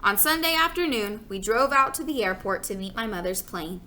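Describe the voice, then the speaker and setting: A woman's voice: medium pitch, animated, a little fast, pushed and bright. A woman reading a children's book aloud, adding chatty asides to her listeners. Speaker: storyteller.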